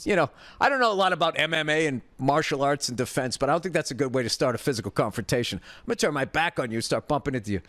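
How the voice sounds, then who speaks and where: A middle-aged man, a comedian host, telling a story in a profane, exasperated, animated rant. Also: mid-range voice, no room sound.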